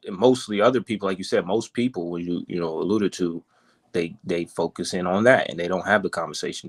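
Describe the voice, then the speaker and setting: Low-ish guy on a podcast panel, animated and defensive, keeps restarting his point. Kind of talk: heated panel debate.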